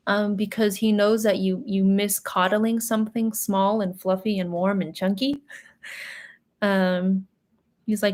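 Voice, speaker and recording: A woman's voice: mid-range voice, flat delivery, a little slow, a little mellow. A young adult woman giving a live psychic reading in a chatty, emotional way, full of fillers and little laughs. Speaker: tarot and psychic reader. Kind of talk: live reading, casual chat.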